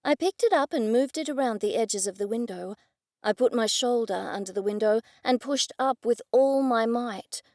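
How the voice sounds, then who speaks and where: A woman narrating a first-person mystery audiobook in a clear, even storytelling delivery. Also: a little high, normal speed, dry recording, clean studio sound.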